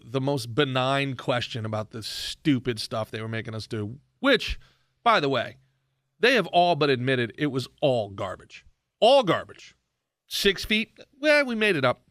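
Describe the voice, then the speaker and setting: A man hosting his own podcast, ranting sarcastically about politics in a mocking, animated way. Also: mid-range voice, normal speed, no room sound, clean studio sound. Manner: sarcastic, mocking, animated rant with shouted impressions. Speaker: podcast host.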